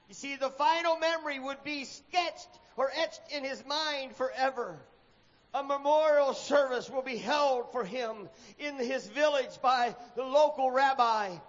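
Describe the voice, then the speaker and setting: High-voiced man preaching in a hall. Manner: dramatic, acts out shouted lines. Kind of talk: dramatic sermon storytelling. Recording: dull echoey hall recording.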